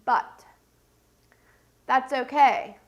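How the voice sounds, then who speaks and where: A woman's voice: high-pitched, fairly even intonation, drawn-out words. A woman with a stuffed-up, scratchy congested voice hosts a casual get-ready-with-me makeup livestream from her home set. She rambles with lots of fillers while doing her makeup.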